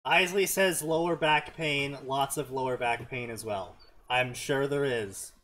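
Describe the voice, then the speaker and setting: A man's voice: mid-range voice, a little slow, fairly bright tone, slight background noise. Dry, sarcastic male co-host. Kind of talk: casual comedic commentary.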